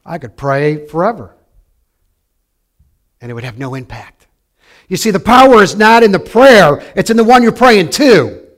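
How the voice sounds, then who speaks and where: Pastor, male, high-pitched, preaching with lively swings between soft and loud delivery. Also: moderate pace, pauses often. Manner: animated storytelling with wide swings from quiet to loud. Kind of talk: sermon.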